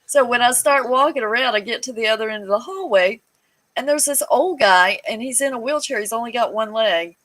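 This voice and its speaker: Animated woman telling a story. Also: fairly high pitch, fairly quick, rough recording. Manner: animated storyteller, acts out quoted voices, laughs often. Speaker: guest sharing a hospital story. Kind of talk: casual chat.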